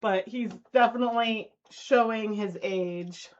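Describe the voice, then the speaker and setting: A woman's voice: on the high side, unhurried, highs cut off. A woman, chatting casually on a live stream while she spins yarn, giggling now and then. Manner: chatty, giggly, cooing baby talk to her dog. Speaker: fiber arts channel host.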